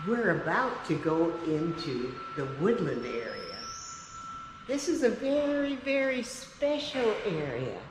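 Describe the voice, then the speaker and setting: Slow, lively woman leading a kids' tour. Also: mid-range voice, noisy background. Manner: animated, talks to a puppet and to children. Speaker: museum educator. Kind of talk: children's virtual museum tour. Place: outside and inside a museum.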